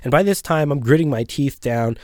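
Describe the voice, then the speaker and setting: A man's voice: mid-range voice, animated, fairly quick, darkish tone, no echo. Young man, profane rant, sarcastic, rambling, dry close sound. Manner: swears constantly, rambles off topic, sarcastic. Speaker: host of a one-man rant show. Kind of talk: profane ranting monologue.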